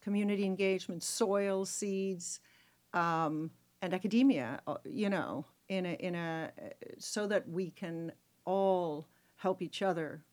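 A woman's voice: lowish voice, unhurried. A woman guest on a radio show explaining a festival, talking casually with fillers and restarts. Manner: warm, hesitant, many fillers and restarts.

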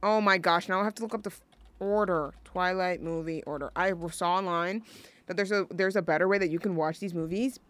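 A woman's voice: fairly low pitch, a little fast, fairly bright tone. A young woman hosting a college radio show, chatting on her own in a rambling, gushing way full of fillers and restarts. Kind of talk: casual solo radio chat.

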